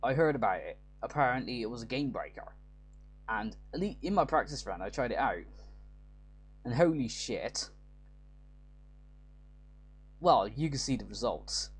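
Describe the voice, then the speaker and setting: A man's voice: mid-range voice, lively intonation, normal speed, husky. Let's play host, man, loose rambling commentary, fixes his words as he goes. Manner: rambling, self-correcting. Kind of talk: casual gameplay commentary.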